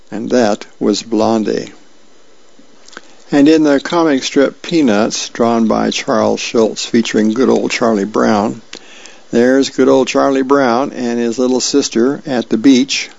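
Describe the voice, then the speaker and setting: Gravelly-voiced man reading aloud. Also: mid-range voice, fairly even intonation, measured pace, darkish tone, dry recording, muffled recording. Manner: plain, friendly reading with small slips. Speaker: volunteer reader. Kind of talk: reading newspaper comics and birthdays aloud.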